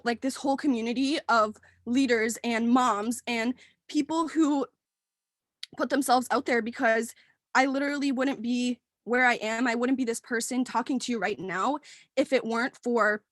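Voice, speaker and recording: A young woman in her twenties speaks in a high voice, close to tears as she rambles through a heartfelt personal story. She fills her talk with fillers and restarts. The sound is dry, with no room echo. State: tearful, near crying. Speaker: team member sharing her story. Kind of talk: emotional personal testimony. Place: work meeting, dry room.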